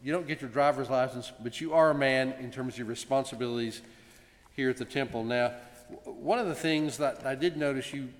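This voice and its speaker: A man of middle pitch addressing a congregation as its president, speaking ceremonially but slipping in gentle jokes between pauses. His voice carries a long reverb from the large sanctuary. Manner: warm, gently joking, with frequent pauses. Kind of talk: ceremonial presentation speech. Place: synagogue sanctuary.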